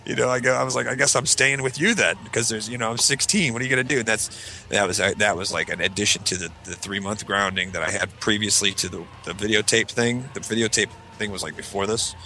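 A gravelly, low-voiced man spins a profane story in loose, rambling chat with friends. His tone is bright and forward, and he bursts into loud acted-out quotes. A faint music bed sits underneath. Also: quick pace, a little hiss or hum. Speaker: podcast co-host telling a story. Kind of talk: casual storytelling among friends.

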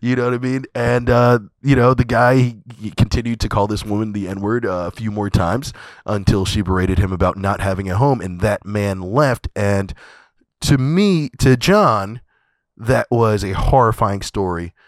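A man with a lowish voice spins a comic story for his podcast, swearing freely and breaking into laughter. His delivery is loose and conversational. The recording is close and dead dry. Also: moderate pace, no echo. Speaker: podcast host. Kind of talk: comedic storytelling.

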